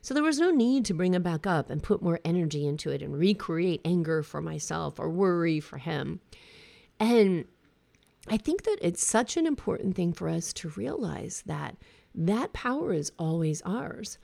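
A woman's voice: fairly low pitch, sing-song, moderate pace, gravelly, mellow. A middle-aged woman hosting a podcast, speaking frankly and reflectively in a conversational way. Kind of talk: candid personal talk.

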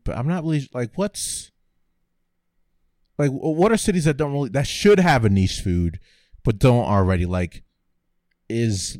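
A man's voice: mid-range voice, darkish tone, no room sound, studio quality. A man co-hosting a casual podcast chat, rambling and laughing often. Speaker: podcast co-host.

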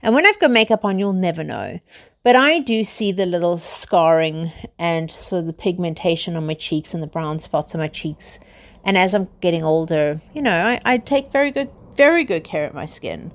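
A woman's voice: fairly low pitch, animated, moderate pace. Chatty South African woman in her thirties. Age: 30s. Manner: chatty, rambling, many fillers like "you know" and "like". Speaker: vlogger. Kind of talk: casual chat to camera.

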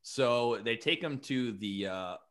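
A man's voice: mid-range voice, slow, over a noisy crowd. A man hosting a podcast, telling a story in casual chat, swearing freely and acting out the lines of the people in it. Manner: animated storytelling, swears, acts out quotes. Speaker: podcast host.

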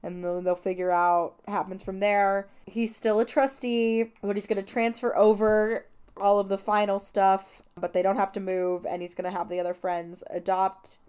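A woman talks through a film for her podcast, chatty and openly emotional as she recounts scenes. Her voice is clear and smooth, sitting at a middle pitch. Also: level tone, moderate pace, a little mellow. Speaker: podcast host. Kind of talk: casual film recap.

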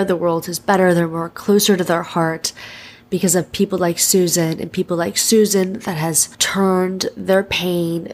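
A woman's voice: fairly low pitch, slight background noise. A woman hosting her podcast, speaking in an earnest, emotional, reflective way as she introduces the episode. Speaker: podcast host. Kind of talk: heartfelt podcast intro monologue.

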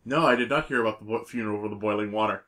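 A man's voice: fairly low pitch, racing, a bit bright. A man co-hosting a podcast in casual chat, easygoing and often repeating words as he talks. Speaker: podcast co-host.

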